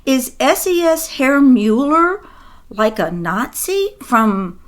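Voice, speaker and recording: An emphatic woman co-hosting a political talk show, her voice sitting a little high. She chats in a conversational way, stressing her points and slipping in asides. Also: sing-song, slow pace. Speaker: co-host. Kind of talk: political commentary chat.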